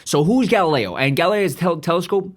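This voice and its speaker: A man's voice: high-pitched, animated, fast talker. A man hosting a podcast, delivering a profane, rambling, self-aggrandizing comedic monologue. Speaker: podcast host.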